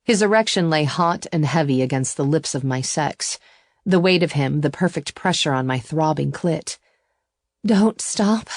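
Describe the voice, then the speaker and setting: A woman narrating a first-person romance audiobook in an even, intimate storytelling voice. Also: sits low, vocal fry, no room sound, clean studio sound.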